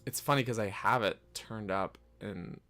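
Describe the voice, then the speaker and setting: A man's voice: on the low side, moderate pace, bright, forceful tone, faint music behind. A man hosting a casual live-streamed podcast over a voice call. He laughs a lot and sounds flustered and apologetic while fixing his audio. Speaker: podcast host. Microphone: computer mic on a voice call.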